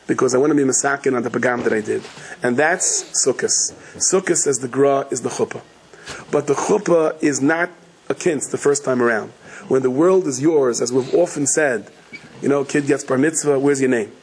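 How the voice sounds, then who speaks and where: A middle-aged man giving a sermon as a rabbi, telling stories in a rapid, chatty, joking way. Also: mid-range voice, gravelly, breathy edge, rough recording. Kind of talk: sermon with humorous storytelling.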